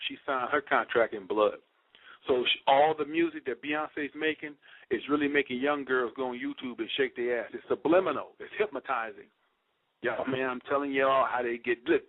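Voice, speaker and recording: A man's voice: mid-range voice, slightly rough. A man giving an emphatic, preachy lecture to his listeners in a slangy style, hammering the same points again and again. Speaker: speaker addressing listeners. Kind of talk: conspiracy lecture. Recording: dry tinny phone-like sound.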